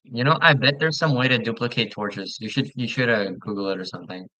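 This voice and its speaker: A man chatting casually while playing a game with a friend, relaxed and talkative, often stumbling and restarting his sentences. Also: mid-range voice, fairly quick, no echo, rough recording. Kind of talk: casual gaming chat.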